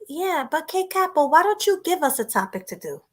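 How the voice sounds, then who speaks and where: A woman hosting a casual live-stream chat, relaxed and chatty, thanking her viewers. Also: high-pitched, brisk. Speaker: host.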